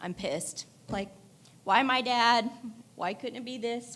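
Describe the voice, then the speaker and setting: A woman with a high voice delivers a heartfelt eulogy in a church. She tells candid stories with a mix of laughter and tears, and her voice breaks into crying at times. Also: fairly even intonation, normal speed, a bit bright, a little hiss or hum. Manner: emotional, candid storytelling with laughter through tears. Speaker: daughter giving a eulogy. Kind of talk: memorial eulogy.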